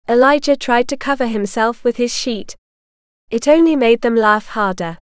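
A woman narrating an audiobook in even, measured storytelling. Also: a little high, smooth, no echo, clean studio sound. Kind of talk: scripted narration.

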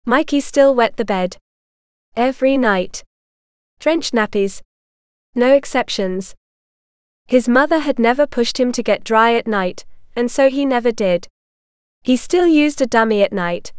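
A woman reading a story aloud in a steady, matter-of-fact scripted narration. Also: fairly high pitch, clean tone, no echo, studio quality.

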